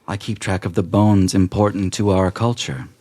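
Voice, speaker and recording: A man voicing a prim, middle-aged female gnome archivist with a put-on French accent, formal and measured. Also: deep voice, steady tone, a little mellow, close to an everyday voice.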